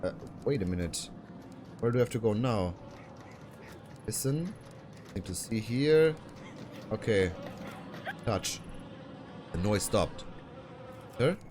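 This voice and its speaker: Low-voiced man playing a game. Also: lively intonation, takes it slowly, long pauses, noisy background. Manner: thinks aloud with fillers. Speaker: let's play gamer. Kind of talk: casual game commentary.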